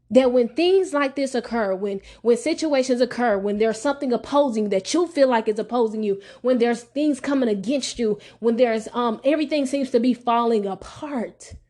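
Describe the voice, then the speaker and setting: A middle-aged woman hosting a faith podcast, exhorting listeners in a repetitive, preachy call-and-response style. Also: high voice. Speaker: podcast host. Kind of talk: faith-based motivational monologue.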